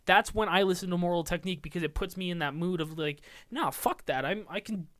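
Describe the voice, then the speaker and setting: A man's voice: high-pitched, quick pace, dry recording. A man co-hosting a casual music podcast, bantering and arguing about rap and reciting lyrics in rhythm. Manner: argumentative, animated, chuckles often. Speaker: podcast co-host.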